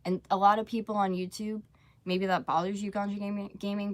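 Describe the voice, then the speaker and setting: A woman's voice: medium pitch, steady tone, fast. A young woman talking candidly to viewers on a live stream, rambling with many fillers and restarts.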